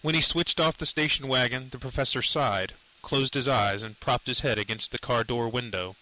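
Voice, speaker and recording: A male audiobook narrator reads a suspenseful novel in a measured, dramatic way. His voice sits in an ordinary middle pitch with a bright, forward tone. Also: fairly even intonation, poor audio. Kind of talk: scripted narration.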